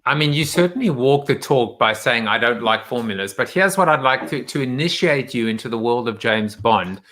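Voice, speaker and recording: Male talk-show host on a call, medium pitch, crisp bright voice, teasing and quick. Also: lively intonation. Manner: teasing, playful, quick-witted. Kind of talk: casual video-call chat. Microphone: video call.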